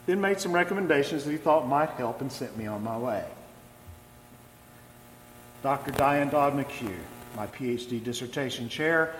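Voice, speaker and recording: A pastor preaching a reflective sermon, slowing down for emphatic phrases. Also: male voice, fairly high pitch, echoey room, big-room sound, slight background noise, rough recording.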